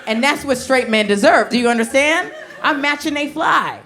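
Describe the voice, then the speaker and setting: A woman performs stand-up on a club stage. Her voice sits a little high, and she talks loud and conversational, speaking straight to the crowd. The live recording carries clear background noise from the room. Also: lively intonation, normal speed. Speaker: stand-up comedian. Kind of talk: stand-up comedy set. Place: comedy club stage with a laughing audience.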